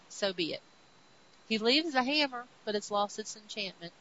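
A woman co-hosting a podcast, casually recapping comic stories with lively retellings of what the characters say. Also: fairly high pitch, normal speed. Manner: animated retelling, quoting characters in her own voice. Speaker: podcast co-host. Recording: dull lo-fi audio with faint hiss.

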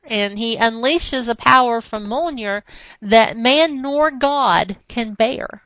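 Woman podcast co-host; animated casual recap, higher voice, dry close sound. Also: takes it slowly, no echo, low-quality recording. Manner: animated retelling, slips into character voices. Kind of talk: casual comic book recap.

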